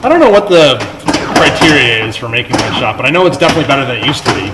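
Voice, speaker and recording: A man's voice: mid-range voice, big pitch swings, racing. A man chatting casually while he plays pinball, explaining his strategy at length with restarts. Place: arcade. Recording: echoey room, loud arcade noise.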